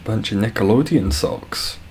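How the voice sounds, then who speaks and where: A man's voice: fairly low pitch, measured pace, darkish tone, a little hiss or hum. A Scottish man chatting casually with viewers on a live stream, laid-back and swearing freely as he reads the chat. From Scotland.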